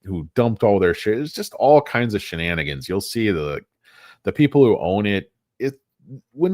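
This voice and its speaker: Brief: low-voiced male stream host, rambling and jokey, very lively delivery. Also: no room sound, clean studio sound. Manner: joking, rambling, self-mocking. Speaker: livestream stock show host. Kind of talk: casual livestream chat.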